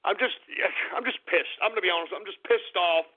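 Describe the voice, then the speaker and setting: A man's voice: sits high, brisk. A man hosting a radio show, reading out listener names and snapping at them in mock-angry, profane outbursts. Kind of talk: call-in radio show shout-outs. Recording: tinny phone-like line.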